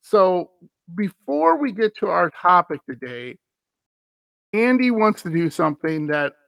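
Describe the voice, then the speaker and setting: A man's voice: high-pitched, very animated, a little slow, gravelly, a bit bright, no echo. A man co-hosting a casual sports podcast, laughing often and answering with short agreeing interjections. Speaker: podcast co-host.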